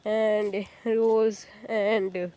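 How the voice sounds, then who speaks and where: A woman casually retelling a fan story, halting often, padding with filler phrases and correcting herself. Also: mid-range voice, flat delivery, warm tone, slight background noise, poor audio.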